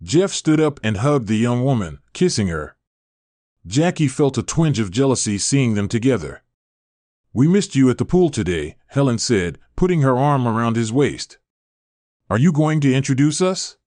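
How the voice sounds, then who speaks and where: A man's voice: mid-range voice, big pitch swings, moderate pace, darkish tone, no room sound, clean studio sound. A man reading a scripted story aloud, narration and dialogue alike in one voice, with the same lines repeated over and over. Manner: reads every character in one voice, barely changing it.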